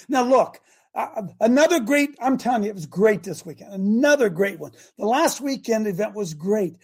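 A man hosting a talk show, ranting with passion, repeating himself and shouting at times. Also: very high voice, animated, normal speed. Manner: impassioned, repetitive, shouting at times. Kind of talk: fiery call-in talk show rant. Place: studio in Ohio.

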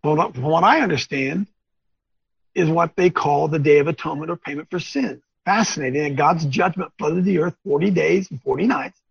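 A man hosting a Bible teaching show, preaching informally to camera in an animated, rambling way with folksy asides. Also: a little high, normal speed, vocal fry, husky, no room sound, highs cut off. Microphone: on camera, wearing glasses.

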